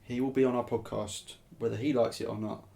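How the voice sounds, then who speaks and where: Brief: male co-host, easygoing banter, quick joking interjections. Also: medium pitch, flat delivery, creaky, mellow. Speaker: podcast co-host. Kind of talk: casual chat.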